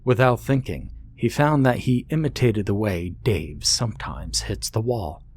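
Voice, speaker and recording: Male horror narrator, low and husky, measured pace. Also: darkish tone. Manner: measured, deliberate storytelling. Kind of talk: scripted narration.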